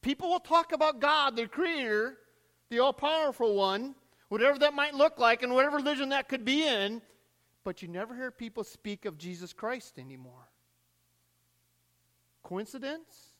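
A man preaching a sermon as pastor, swinging between rising cries and hushed drops, recorded in a church sanctuary. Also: extremely high pitch, animated, normal speed, long reverb tail.

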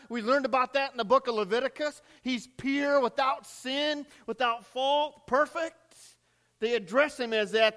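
A pastor delivers a sermon in a very high-pitched voice, swinging from rising cries to hushed drops. It was recorded in a church sanctuary, so the sound is big and roomy.

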